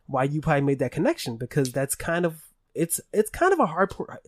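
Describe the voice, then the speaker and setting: A tipsy young man co-hosting a podcast, excitable and swearing a lot, laughing often. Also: a little high, brisk, no echo. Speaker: podcast co-host. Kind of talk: casual chat.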